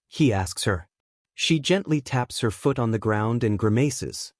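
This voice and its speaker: A man narrating a fan-written story in a steady, even storytelling manner. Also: fairly low pitch, moderate pace, dry recording, clean studio sound. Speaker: fanfic narrator.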